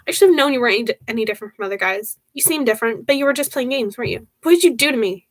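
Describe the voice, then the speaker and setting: A woman's voice: a little high, lively intonation, racing. Woman reading as a frantic teenage girl. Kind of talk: reading a horror novel aloud.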